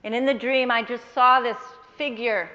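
A woman's voice: on the high side, steady tone, sharp tone, muffled recording. Earnest woman telling her testimony in a hall. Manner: earnest, measured storyteller who quotes others in her tale. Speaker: speaker sharing a personal faith testimony. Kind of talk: personal testimony storytelling to an audience.

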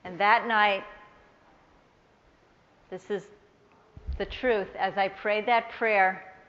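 A woman telling a personal faith testimony to an audience, earnest and measured, quoting the people in her story. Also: medium pitch, fairly even intonation, fairly bright tone, long reverb tail, dull audio. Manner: earnest, measured storyteller who quotes others in her tale.

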